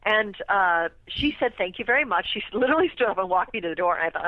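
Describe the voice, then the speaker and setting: A woman tells her story as a guest on a radio talk show, animated and quick to laugh. Her voice comes through a tinny, phone-like line with no room sound around it. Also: medium pitch, no room sound. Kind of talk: casual storytelling interview.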